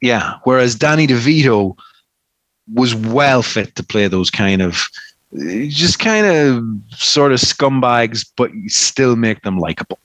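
A man's voice: medium pitch, animated, slow pace, a bit bright, dry recording. A man in casual film chat, rambling with frequent restarts and swearing. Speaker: podcast co-host.

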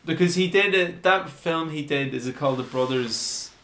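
A man's voice: fairly high pitch, normal speed, reverberant, a loud crowd. A man in casual chat who swears often and speaks bluntly and sardonically.

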